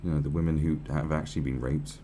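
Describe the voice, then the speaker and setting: A man's voice: very deep voice, steady tone, quick pace, warm tone, a little hiss or hum. A man giving profane, rambling, sarcastic commentary on a news article.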